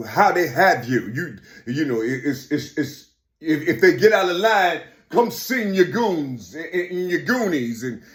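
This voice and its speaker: Man, rambling monologue, repeats himself, curses a lot, jumps from loud to hushed and back. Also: a little high. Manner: repetitive, keeps saying "you see"; profane, swings between loud and quiet.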